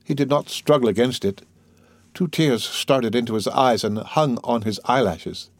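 A man narrates a classic novel in a measured, steady voice of middle pitch. The recording is close and dry, with no room sound. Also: dry recording. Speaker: audiobook narrator. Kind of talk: scripted literary narration.

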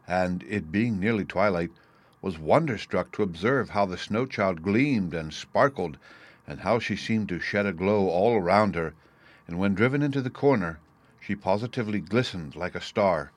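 Low-voiced man reading a story. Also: animated, moderate pace. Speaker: reader. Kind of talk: storybook narration.

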